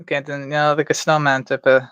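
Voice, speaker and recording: A man's voice: a little high, flat delivery, fast, a bit bright, clear, resonant tone, no echo, lo-fi sound. A man livestreaming himself drawing, rambling and thinking aloud with stammers, restarts and playful asides. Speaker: livestreamer drawing game creatures. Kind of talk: casual livestream self-talk. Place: indoors at home.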